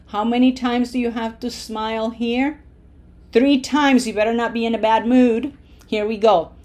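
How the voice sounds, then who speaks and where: A woman teaching a language lesson, checking in with her students and slowly modeling each pronunciation for them to repeat. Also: fairly high pitch, a little mellow. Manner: slow, deliberate modeling of pronunciation with encouraging checks. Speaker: Spanish teacher.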